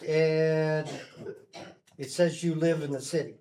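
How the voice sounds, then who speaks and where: A man chairs a council meeting, calling speakers up in a courteous, brisk way. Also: a little high, fairly even intonation, mellow, rough recording.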